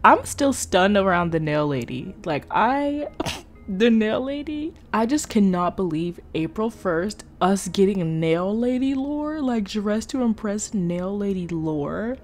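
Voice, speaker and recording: A woman's voice: medium pitch, animated, slow, soft background music. A young woman commenting casually on a game as a YouTuber, bubbly and exclaiming, saying "like" all the time. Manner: bubbly, exclaiming, says "like" constantly. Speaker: gaming YouTuber.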